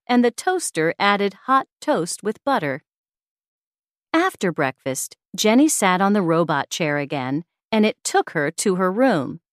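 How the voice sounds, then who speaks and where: Female textbook narrator: slow, clear, very expressive read. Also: mid-range voice, no echo, studio quality. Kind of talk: slow scripted story reading for learners.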